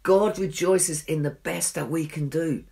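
Earnest self-mocking church speaker. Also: male voice, fairly high pitch, measured pace, vocal fry, dark tone. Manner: earnest and self-deprecating, acts out his own inner voice. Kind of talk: recorded church talk.

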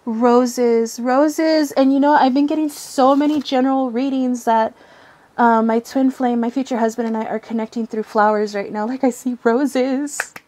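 A woman's voice: on the high side, fairly even intonation, moderate pace, a little mellow. A young woman with a gushing, giddy manner, unboxing and showing items as a tarot reader. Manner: giddy, gushing, swears and giggles often. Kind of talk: excited casual unboxing vlog.

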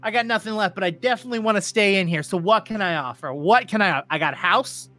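A man voicing a cocky young male gambler who boasts and stammers with excitable bravado. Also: high voice, quick pace, pitched above the performer's own voice. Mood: brash excited.

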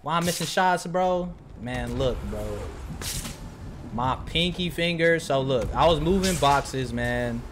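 A man streaming a video game, chatting in a slangy, animated way to himself and his viewers. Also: fairly high pitch, takes it slowly, background noise. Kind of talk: casual gameplay commentary.

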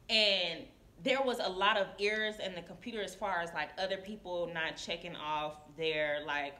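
A woman nurse telling a story to camera in casual confessional style, animated and acting out her coworkers. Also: mid-range voice. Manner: animated, acts out coworkers' voices. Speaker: licensed practical nurse. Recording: echoey room.

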